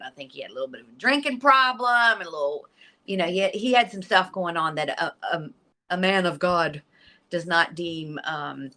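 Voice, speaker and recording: Low, bright-voiced woman telling a story. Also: poor audio. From Virginia, USA. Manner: earnest, animated storyteller with frequent restarts. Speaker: interview guest. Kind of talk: personal storytelling in an interview.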